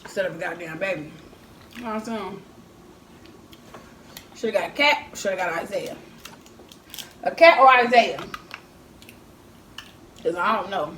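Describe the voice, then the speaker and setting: A woman's voice: mid-range voice, a little slow, long pauses, fairly bright tone. A young woman vlogger, chatting casually while eating and talking to her baby son. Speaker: mukbang vlogger. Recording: echoey room with background noise.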